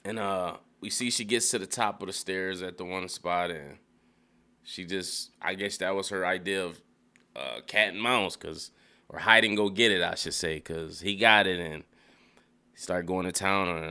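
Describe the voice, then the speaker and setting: A man casually recapping a TV episode, animated and profane, laughing often and mimicking characters in a high voice. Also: normal speed, smooth. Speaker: TV recap reviewer. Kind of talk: casual spoken show recap. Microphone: studio dynamic mic.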